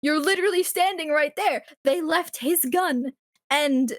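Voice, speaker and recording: A woman's voice: sits high, measured pace, dry recording, studio quality. A woman co-hosting a podcast, sarcastic and giggly as she picks apart a movie. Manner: giggly, sarcastic, says "like" often. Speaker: podcast co-host. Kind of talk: casual movie-recap chat.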